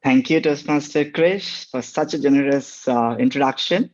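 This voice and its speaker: A man's voice: medium pitch, normal speed, darkish tone, muffled recording. A man leading a section of a speaking club meeting, explaining the rules in an earnest, explanatory way. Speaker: table topics master.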